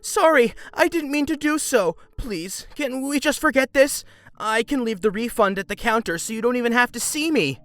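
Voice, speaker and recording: A man's voice: very high-pitched, lively intonation, normal speed, a bit bright, soft background music, pitched above the performer's own voice, heavily acted. A man voicing himself in a put-on crying voice, whimpering and begging. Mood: mock pleading. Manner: fake crying, whimpering pleas. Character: man faking tearful pleading on the phone.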